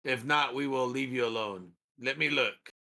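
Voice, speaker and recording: A man voicing an adventurer who bargains in slow, halting words. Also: mid-range voice, vocal fry, pushed and bright. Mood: bargaining.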